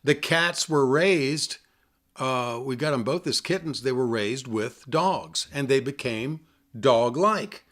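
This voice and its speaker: A man's voice: mid-range voice, takes it slowly, a bit bright. A man co-hosting a podcast in casual chat, wry and easygoing with dry jokes. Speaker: podcast co-host.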